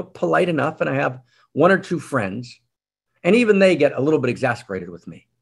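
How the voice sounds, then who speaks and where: A man's voice: high-pitched, gravelly, breathy edge, voice pushed up, heavily acted. A man voicing a simple, humble town butcher who speaks earnestly and from the heart.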